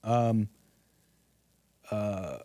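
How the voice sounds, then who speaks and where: A man's voice: on the low side, extremely slow, warm tone, no echo. A man hosting a stream, giving sarcastic, rambling commentary on news clips. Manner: mocking, rambling, incredulous.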